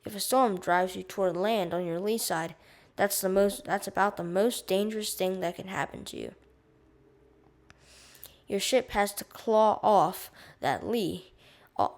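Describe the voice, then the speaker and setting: A woman's voice: mid-range voice, expressive, unhurried, pauses often, darkish tone. A woman reading a children's novel aloud for homeschoolers, stumbling and restarting words and stopping to explain terms. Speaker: audiobook reader. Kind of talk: casual read-aloud for homeschool.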